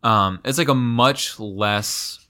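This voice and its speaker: A man's voice: medium pitch, slow pace, pushed and bright, clear, resonant tone. A young man co-hosting a podcast, chatting animatedly about a book and acting out the characters' lines. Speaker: podcast co-host. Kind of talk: casual book discussion.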